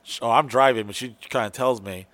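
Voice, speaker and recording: A man's voice: medium pitch, a little fast, fairly bright tone, no echo. A man telling a long profane story in casual chat, rambling and acting out what he said at the time. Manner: profane, rambling, acts out his own lines.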